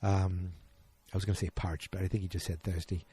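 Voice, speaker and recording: A man's voice: low-pitched, level tone, brisk, warm tone, husky. A man hosting a casual solo podcast, recapping an episode in a rambling, self-correcting way. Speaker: podcast host.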